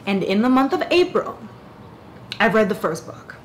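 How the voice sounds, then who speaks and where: Animated rambling young woman. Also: medium pitch, normal speed, a little hiss or hum. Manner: animated, rambling, self-interrupting. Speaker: book reviewer. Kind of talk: casual chat.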